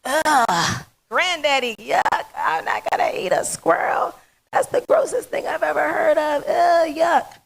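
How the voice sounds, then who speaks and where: A woman's voice: high voice, sing-song, a little slow, vocal fry, pitched above the performer's own voice, heavily acted, rough recording. A woman voicing herself as a small girl of three or four, whiny and squealing in protest. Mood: grossed out.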